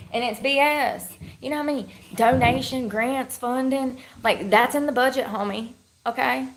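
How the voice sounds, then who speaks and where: A woman's voice: medium pitch, creaky. A woman chatting casually with her livestream viewers in a blunt, rambling, slangy way.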